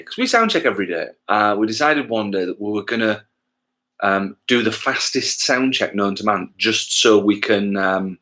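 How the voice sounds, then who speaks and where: Rambling, swearing English musician. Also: male voice, mid-range voice, fairly bright tone. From England. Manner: rambling, loses his thread, swears casually, self-mocking. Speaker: musician hosting a livestream gig. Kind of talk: casual chat to livestream viewers.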